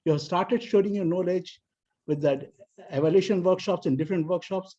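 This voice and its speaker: A man from South Asia giving a formal speech to a club as area director, weaving in an animated story. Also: brisk. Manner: animated storyteller, voices characters in higher pitch. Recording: dull lo-fi video call audio.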